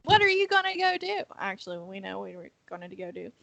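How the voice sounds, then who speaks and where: A woman's voice: mid-range voice, sing-song, quick pace, gravelly, pushed and bright, no echo, rough recording. A woman co-hosting a podcast in casual comedic chat, teasing and wisecracking. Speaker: podcast co-host.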